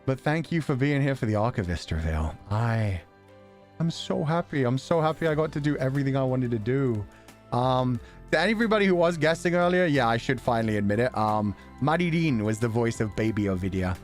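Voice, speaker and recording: Lively, laughing male streamer. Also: medium pitch, brisk, soft background music. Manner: laughs often, swears, excitable. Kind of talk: casual livestream chat.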